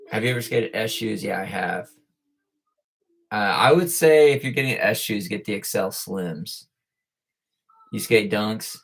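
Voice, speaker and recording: A man hosting a casual live stream, speaking in a somewhat low voice. He greets viewers by name, reads out their comments, and talks in a relaxed, rambling way, filling pauses with "like" and "uh". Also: creaky. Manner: laid-back, greets viewers by name, lots of "like" and "uh". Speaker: livestream host. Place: at school.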